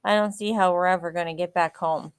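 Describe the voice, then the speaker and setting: A woman's voice: lowish voice, fairly even intonation, a little fast, smooth, dry recording, close to an everyday voice. A woman voicing a gloomy young boy who sounds defeated and close to tears, reading a storybook.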